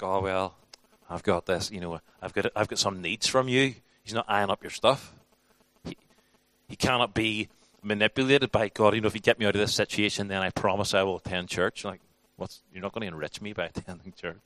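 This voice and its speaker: Guy preaching to a small group, casual and conversational, lots of restarts, kinda low voice. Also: steady tone, a little fast, pushed and bright, no room sound. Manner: conversational, restarts, acts out quotes. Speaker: preacher teaching a class. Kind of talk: informal sermon teaching.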